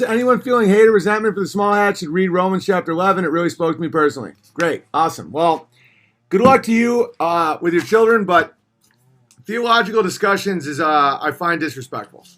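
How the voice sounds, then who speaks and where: A man in his thirties hosting a casual livestream, reading viewer messages aloud and answering them sardonically, switching between mocking voices and low mutters. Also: expressive, normal speed, bright, forceful tone.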